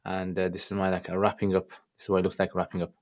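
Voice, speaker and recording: A man with a Birmingham accent talks loosely to his livestream audience, answering their questions one after another. His voice sits a little low, and he sprinkles his speech with Arabic greetings and blessings. The delivery is conversational and unscripted. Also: completely flat delivery, fast. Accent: Birmingham English. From England. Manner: chatty, greets viewers warmly by name, mixes in Arabic phrases. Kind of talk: casual livestream chat reading viewer questions.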